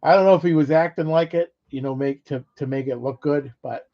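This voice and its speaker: This middle-aged male vlogger speaks fairly quickly in a fairly high voice, rambling casually through old stories. He swears freely and laughs between them, and the lo-fi audio sounds dull.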